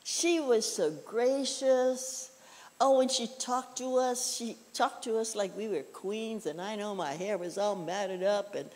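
In a church, a woman preacher gives a laid-back sermon full of personal stories, her mid-range voice moving a little slowly and fading into a long, echoing reverb. Her delivery is folksy and easygoing, with "you know" popping up often.

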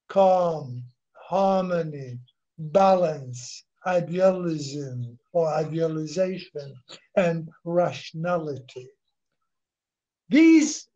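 Slow, high-voiced man lecturing on literature. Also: darkish tone. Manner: repeats words, asks questions and answers them himself; switches into Arabic briefly. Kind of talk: classroom lecture. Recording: dull lo-fi recording.

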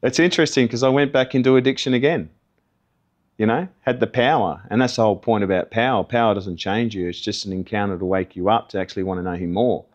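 A man's voice: on the low side, quick pace, highs cut off. Earnest man telling his story. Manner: earnest, conversational storytelling with acted quotes. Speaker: testimony guest. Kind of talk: personal testimony.

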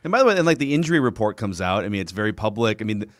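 A man's voice: lowish voice, sing-song, no room sound. Chatty male podcast host, dry mic. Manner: quick, rambling questions with many fillers. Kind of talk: casual podcast chat.

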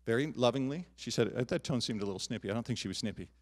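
Brief: middle-aged male pastor, mid-pitched voice, animated sermon delivery with loud peaks and hushed asides. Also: rapid-fire. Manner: animated preaching, rising loud on emphatic lines, dropping soft on personal asides. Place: church sanctuary.

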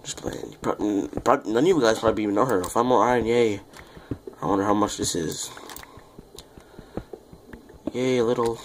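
A young man rambling through casual game commentary, self-deprecating and chatty with viewers, with a quiet voice that sounds off the mic. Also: fairly low pitch, a little hiss or hum. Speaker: gaming YouTuber. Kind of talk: casual Let's Play commentary.

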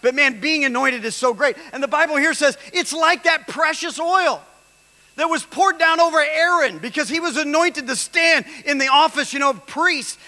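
A man preaching a sermon as pastor, emphatic and rising at times to shouts. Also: very high-pitched, moderate pace. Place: church hall. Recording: long reverb of a large hall.

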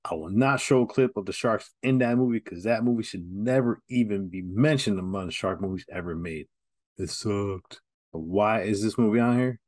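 A man hosts a laid-back horror film review, chatting candidly straight to his audience. His voice sits a touch low, and the recording is dry and close. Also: normal speed, a little mellow, no echo. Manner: chatty, candid, direct to viewers. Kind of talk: casual review talk.

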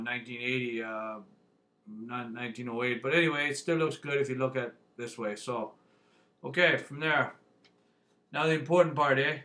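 A man's voice: mid-range voice, bright, forceful tone. A man reviewing a beer on his channel, talking casually in a rambling, folksy way, full of fillers and "eh".

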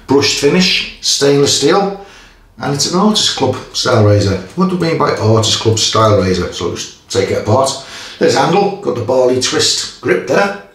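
A man's voice: medium pitch, sing-song, moderate pace, fairly bright tone. A man with a Merseyside accent hosting a casual shaving vlog, talking in a rambling, self-deprecating way with plenty of fillers and restarts. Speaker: shaving channel host. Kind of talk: casual product demo vlog. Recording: roomy echo from a distant mic.

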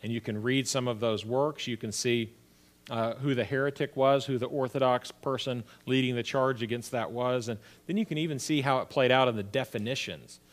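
A man's voice: medium pitch, fairly even intonation, normal speed. A man, a pastor, teaching a church history class in a conversational lecture style, often checking in with his listeners. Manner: conversational, checks in with "right?" and "okay?".

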